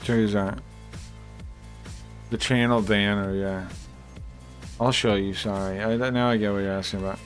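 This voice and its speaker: A man's voice: on the low side, fairly even intonation, normal speed, pauses often. A man streaming live, chatting casually and rambling to his chat, with mild swearing and many fillers. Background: faint music.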